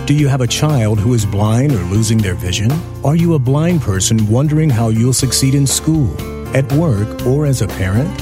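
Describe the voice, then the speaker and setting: A man's voice: medium pitch, lively intonation, normal speed. A man reading a scripted public service announcement, asking the listener questions in an inviting way. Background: guitar music.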